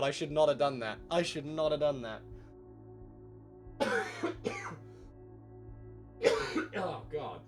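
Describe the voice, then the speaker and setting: A man's voice: fairly high pitch, expressive, slow pace, pauses often, darkish tone, soft background music. A man streaming a game, reading a visual novel aloud and breaking off to react, swearing casually.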